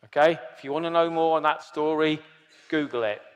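A man's voice: on the high side, brisk, clean tone, big-room sound, muffled recording. A man in his fifties giving an earnest, emphatic sermon as pastor. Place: church hall.

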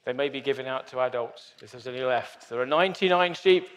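A man's voice: mid-range voice, brisk, hardly any pauses. A man preaching a sermon to a congregation, chatty and joking with the people in the room. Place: church hall with a congregation. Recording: long hall reverb.

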